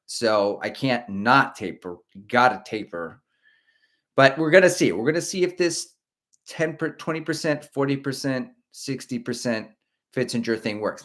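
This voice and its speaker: This middle-aged streamer keeps things casual and talkative on his ongoing livestream, reading out viewers' comments. He has a fairly low pitch and a fairly bright tone.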